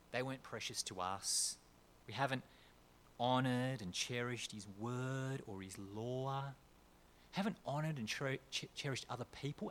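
A man's voice: mid-range voice, a little hiss or hum. Australian man preaching a sermon. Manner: earnest storytelling with shifts between quiet and loud emphasis. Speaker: pastor.

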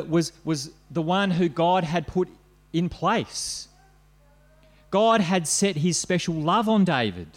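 A man preaching a sermon, earnest and repetitive, reading scripture aloud to his congregation. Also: mid-range voice. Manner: earnest, repeats phrases, reads scripture aloud.

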